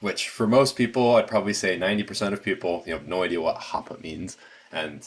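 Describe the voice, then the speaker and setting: This American livestream host from the United States talks fast in a low, husky voice with fairly even intonation. He rambles casually, full of fillers and restarts.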